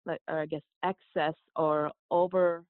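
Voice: mid-range voice, flat delivery, brisk, no echo. A podcast guest from South Korea and a yoga teacher, telling a personal story in an earnest, reflective way with frequent restarts. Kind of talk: storytelling in conversation. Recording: tinny phone-like line.

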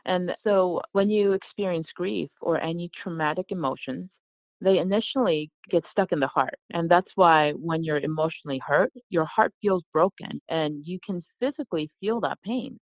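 A woman, a yoga teacher and author, explaining her ideas in a calm, earnest way as an interview guest. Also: lowish voice, moderate pace, dry recording. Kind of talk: casual interview. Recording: tinny phone-like line.

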